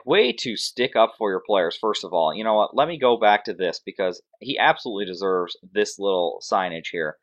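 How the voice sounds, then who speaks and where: A man hosting a fantasy sports show, talking in a loose, sarcastic rant. His voice sits somewhat low. The recording sounds dull and lo-fi. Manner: animated, sarcastic, ranting. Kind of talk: casual sports commentary.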